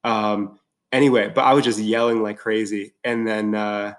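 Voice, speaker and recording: A man chatting casually as a guest, excited and rambling, full of fillers and restarts. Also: on the low side, moderate pace. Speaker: podcast guest. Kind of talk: casual chat.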